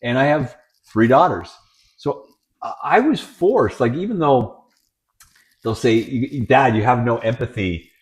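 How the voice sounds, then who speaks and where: Blunt, animated middle-aged man telling stories. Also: mid-range voice, a little slow. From Italian family. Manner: animated storyteller, blunt and no-nonsense. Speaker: podcast co-host. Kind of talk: casual chat.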